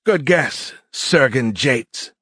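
A man voicing an arrogant young male cadet leading a mutiny, sneering and shouting his lines in an audiobook. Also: on the high side, expressive, no room sound, clean studio sound, voice pushed up. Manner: shouting, sneering, drawn-out words.

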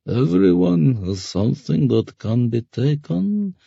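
A man voicing a gruff, callous masked ferryman who speaks with a slow, mocking drawl in an audiobook reading. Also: mid-range voice, sing-song, dark tone, no echo, muffled recording, pitched above the performer's own voice, full character voice.

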